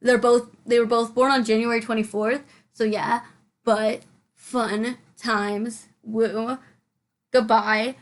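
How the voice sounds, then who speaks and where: A young woman with a slightly high voice rambling through a game voice-over. She is scatterbrained, chatty and self-mocking, scolding herself to pay attention. It is close to a headset mic. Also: flat delivery, slow pace. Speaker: channel host. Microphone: headphones with mic.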